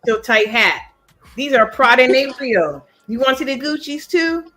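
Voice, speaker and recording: Bright, lively woman in playful banter. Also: sits high, normal speed. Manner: teasing and playful. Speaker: podcast co-host. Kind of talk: casual chat.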